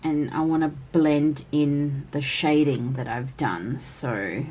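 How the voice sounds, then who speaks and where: A woman chatting casually as she colors for a vlog, rambling with frequent "like" and breaking into a high baby voice for her cats. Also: slow, darkish tone, slight background noise. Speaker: coloring vlogger. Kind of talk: casual color-and-chat commentary.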